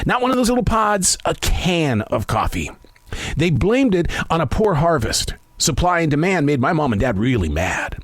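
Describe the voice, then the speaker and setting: A man's voice: on the high side, no echo. A man in his fifties hosting his own podcast. He talks in a rambling, self-reflective way with frequent stammered restarts. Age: 50s. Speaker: podcast host. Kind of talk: casual solo podcast monologue.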